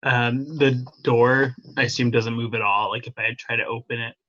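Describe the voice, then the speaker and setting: Tentative bright-voiced male player. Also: medium pitch, fairly even intonation, normal speed. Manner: tentative, questioning. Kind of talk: casual tabletop play. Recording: slightly dull lo-fi audio.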